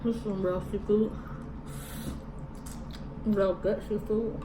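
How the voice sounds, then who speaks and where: A woman's voice: medium pitch, little pitch movement, slow pace. A woman vlogging a mukbang, chatting casually in slang while eating and talking with her mouth full. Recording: echoey room from a distance with background noise.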